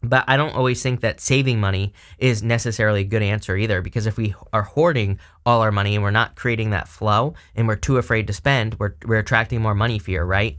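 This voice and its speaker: A man's voice: fairly low pitch, steady tone, a little fast, few pauses, fairly bright tone. A man hosting his own channel, giving a casual tarot reading in a meandering, conversational way with asides to his viewers. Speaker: tarot reader, channel host.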